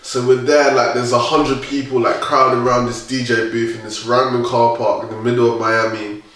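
A man's voice: medium pitch, moderate pace, recorded from a distance. Rambling young man in an echoey room. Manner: rambling, animated, laughs often, restarts. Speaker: podcast co-host. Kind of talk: casual storytelling chat. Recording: echoey room, voice a bit off-mic.

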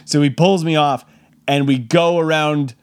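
A man hosting a podcast, telling a comic story in a casual, animated way and acting out the quotes. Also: on the high side, measured pace, smooth. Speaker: podcast host.

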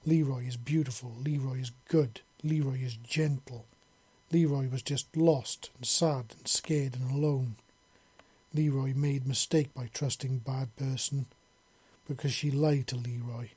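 A man doing a huge gentle alien woman. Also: mid-range voice, level tone, normal speed, husky, no room sound, lightly acted. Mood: defiant. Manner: simple broken English, speaks of herself by name.

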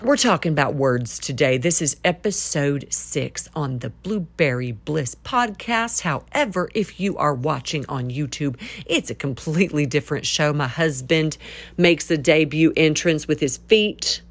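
A young woman hosting a casual faith podcast, excitable and animated, sometimes shouting with enthusiasm. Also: low voice, a little slow, no room sound. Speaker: podcast host.

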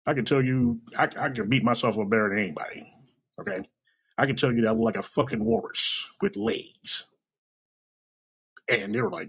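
A man hosting a podcast, talking in a blunt, profane, self-deprecating casual monologue with a gravelly, husky voice. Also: medium pitch, animated, brisk, long pauses, fairly bright tone, highs cut off. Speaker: podcast host.

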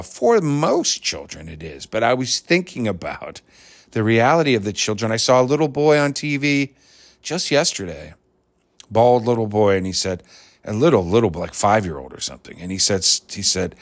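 A man's voice: medium pitch, normal speed. A man talking in a rambling, reflective monologue full of fillers and restarts. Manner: reflective, grows more animated on points. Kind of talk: casual monologue.

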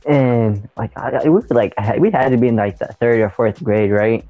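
A man's voice: mid-range voice, normal speed, dry recording, soft background music. Young man on a tinny line, rambling. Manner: rambling, slangy, laughing. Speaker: podcast co-host. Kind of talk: casual storytelling chat. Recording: dry, tinny phone-like sound.

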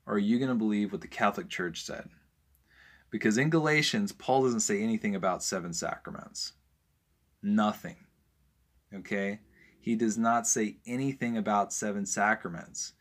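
A man's voice: lowish voice, a bit bright. A man preaching with growing fervor, firing off rhetorical questions and hammering each point. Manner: rising to fervent emphasis, rhetorical questions. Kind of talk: impassioned preaching.

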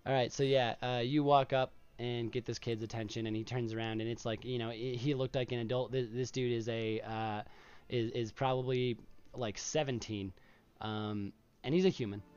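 A man's voice: mid-range voice, fairly even intonation, moderate pace, a little mellow, clear, resonant tone, dull audio. A man narrating as game master of a tabletop game, talking casually with many fillers. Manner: hesitant, lots of fillers.

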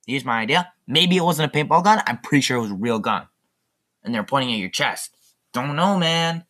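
A man's voice: mid-range voice, sing-song, fairly quick, bright, forceful tone. A teenage boy hosting his own podcast, rambling through jokey, chatty asides in a casual solo monologue. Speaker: podcast host.

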